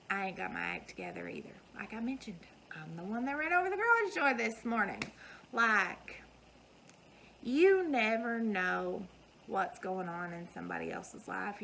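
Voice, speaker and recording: A woman's voice: mid-range voice, sharp tone, slight background noise, low-quality recording. A woman, giving an earnest, folksy motivational talk to her viewers. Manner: earnest, folksy, emphatic repetition. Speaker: vlogger.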